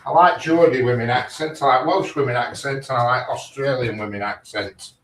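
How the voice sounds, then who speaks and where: A man's voice: medium pitch, fairly quick, a crowd in the background. A British man in casual chat as a co-host, blunt and opinionated and swearing casually.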